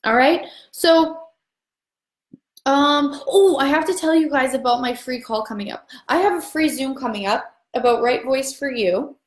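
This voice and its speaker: Woman voice coach hyping up her people online, kinda high, swears casually, echoey room. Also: takes it slowly. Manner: chatty, upbeat, rambling, with casual swearing. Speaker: voice class facilitator. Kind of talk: casual motivational talk to an online audience.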